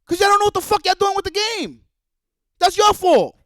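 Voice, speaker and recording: Male streamer, high pitch, dry close sound, angry profane rant. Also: animated, moderate pace, a bit bright, no echo. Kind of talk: heated rant.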